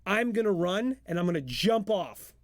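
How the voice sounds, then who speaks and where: Excitable man riffing a story, dry. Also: high voice, normal speed, no echo. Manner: excitable, thinks out loud with many restarts. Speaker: podcast co-host. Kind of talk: improvised storytelling chat.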